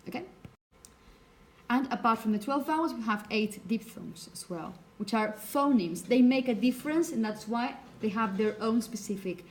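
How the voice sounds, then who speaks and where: High-voiced teacher explaining pronunciation. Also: female voice, darkish tone. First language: Spanish. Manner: explanatory, checks understanding with "okay?". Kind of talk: phonetics lecture to a class.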